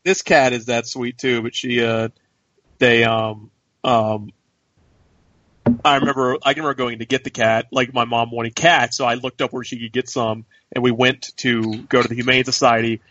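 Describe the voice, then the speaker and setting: A man co-hosting a podcast, rambling in casual chat with halting restarts. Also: mid-range voice, little pitch movement, a bit bright, no echo. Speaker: podcast co-host. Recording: distant dull dry mic.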